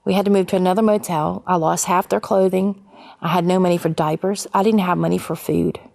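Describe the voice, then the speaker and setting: A woman shares her personal faith testimony in a low voice. Her tone is gravelly with some fry, and she talks haltingly, often stopping to restart. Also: steady tone, darkish tone. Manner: halting, frequent fillers and restarts. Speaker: guest sharing her life story.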